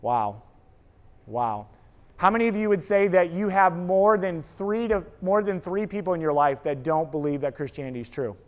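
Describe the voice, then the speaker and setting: A man speaking to a live audience, telling stories and acting out quoted lines in an energetic talk. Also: high voice, a little fast, few pauses. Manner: animated storytelling, acts out quoted voices. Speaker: speaker, apologetics teacher.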